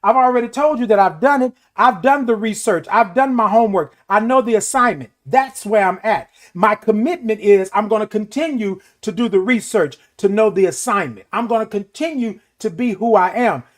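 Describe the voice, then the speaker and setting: High-voiced man preaching motivation. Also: expressive, normal speed, few pauses. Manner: emphatic, repetitive preaching cadence. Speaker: host. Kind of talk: motivational talk.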